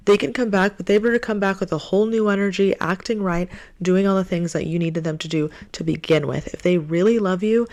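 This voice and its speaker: A woman with a somewhat low voice speaks straight to her viewers in a heartfelt relationship-advice vlog. She is earnest and animated and circles back to her phrases again and again to drive them home.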